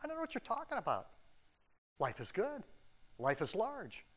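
A man's voice: wildly swooping pitch, moderate pace, full character voice. A man voicing a smug, complacent well-off man who brushes off any warning in a breezy, dismissive way. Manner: dismissive, breezy, high-pitched.

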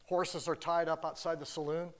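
A man preaching a sermon in a loose, conversational way, sprinkling "like" through his sentences. His voice sits a bit high, and his delivery stays animated and easygoing. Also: moderate pace. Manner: casual, animated, many "like" fillers. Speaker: pastor.

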